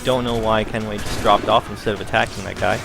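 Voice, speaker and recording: A man's voice: on the low side, steady tone, quick pace, vocal fry. American man streaming over game music. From United States. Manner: chatty, distracted, reads and answers chat while playing. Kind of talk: casual gameplay commentary. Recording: game music playing behind.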